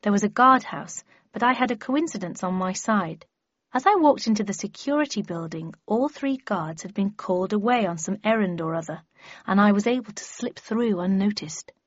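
A woman's voice: medium pitch, lively intonation, moderate pace, no room sound. A woman narrating a first-person audiobook in a wry, understated storytelling manner. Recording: dry, slightly muffled lo-fi recording.

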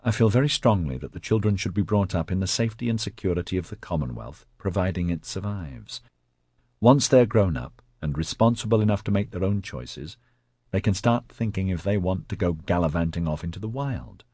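A man's voice: sits low, lively intonation, a little fast, mellow, slightly rough, dry recording, studio quality. A man voicing a wary, practical mother.

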